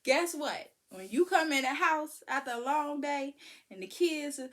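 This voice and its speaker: Animated woman giving parenting advice. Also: high voice, measured pace. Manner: animated, preachy, sings and vocalizes to demonstrate. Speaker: parenting vlogger. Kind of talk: casual advice talk.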